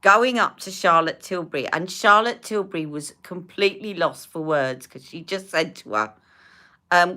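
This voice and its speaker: A woman's voice: lowish voice, moderate pace, sharp tone. A woman in her fifties chatting casually as a beauty live-stream host, rambling while answering viewers' comments and putting on makeup.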